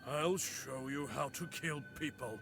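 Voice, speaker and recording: An earnest, weary villager. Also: male voice, on the high side, measured pace, vocal fry, over music. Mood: grim. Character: shaken young village man, earnest and loyal. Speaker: game character. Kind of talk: video game voice acting.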